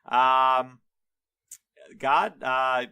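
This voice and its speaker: A man voicing an indignant, bad-tempered sorcerer who yells at his donkey in casual slang. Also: mid-range voice, steady tone, very slow, clear, resonant tone, no room sound, heavily acted. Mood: panicked. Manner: whiny, yelling, slangy.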